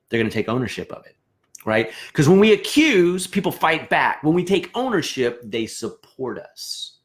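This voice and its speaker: A man teaching student band leaders in a lively, animated way, often acting out what students might say. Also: mid-range voice, fast talker. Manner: animated, acts out quoted students with voices and laughs. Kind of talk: motivational talk to camera.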